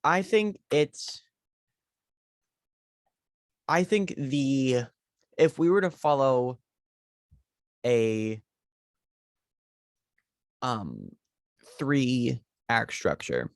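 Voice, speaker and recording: A man's voice: medium pitch, expressive, extremely slow, pauses often, dry recording, studio quality. A man co-hosting a podcast in casual movie chat, rambling through ideas with lots of fillers. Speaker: podcast co-host.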